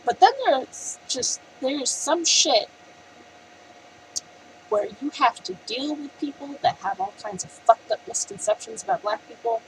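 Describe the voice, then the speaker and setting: Animated, profane young woman. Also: high voice, measured pace, a little hiss or hum, rough recording. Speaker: vlogger. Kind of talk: casual storytelling rant.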